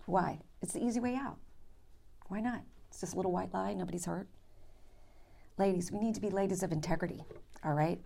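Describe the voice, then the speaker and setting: A middle-aged woman leads a women's Bible study with a gravelly edge to her voice. She talks like a chatty storyteller and keeps checking in with her listeners. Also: medium pitch, normal speed, pauses often, mellow. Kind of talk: teaching and prayer to a women's group.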